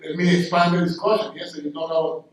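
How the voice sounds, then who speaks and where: A man's voice: on the high side, flat delivery, fast. A man answering as a panelist at a university talk, explaining his points and often checking in with a questioning "yeah?". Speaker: panelist scholar. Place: lecture hall. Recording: echoey hall, mic far off.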